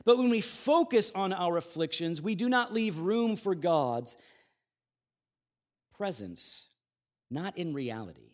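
High-voiced man preaching conversationally. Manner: conversational preaching, swings from loud emphasis to quiet asides; plays out the grumbling people in a raised voice. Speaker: pastor. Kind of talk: sermon.

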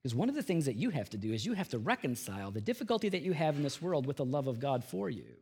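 A middle-aged man preaching a sermon as pastor of a church, shifting from hushed, earnest tones to loud, emphatic bursts. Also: medium pitch, big pitch swings, rapid-fire, breathy edge.

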